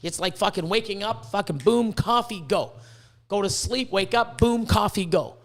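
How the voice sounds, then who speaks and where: A man hosting a casual podcast, rambling and swearing as he tells animated stories, hot and sweating in his room. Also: high-pitched, normal speed. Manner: profane, rambling, animated storytelling. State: sweating, overheated. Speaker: podcast host, reptile breeder. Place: hot indoor room with a fan.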